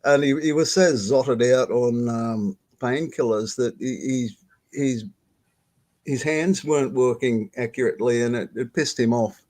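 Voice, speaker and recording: A man's voice: mid-range voice, darkish tone. Rambling Australian man telling a story. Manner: rambling, halting, swears freely, laughs often. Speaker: guest storyteller. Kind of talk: casual storytelling on a live stream. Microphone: video call.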